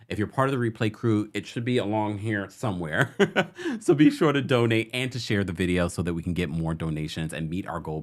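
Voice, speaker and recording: A man hosting a casual online talk show, chatting and laughing often as he gives his opinions. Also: deep voice. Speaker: host. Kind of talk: casual chat.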